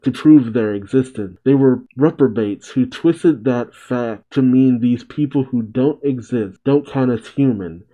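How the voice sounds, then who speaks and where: A man reading aloud, quietly and somberly, as a boy narrating a grim past. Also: medium pitch, a little slow, hardly any pauses, lo-fi sound, lightly acted.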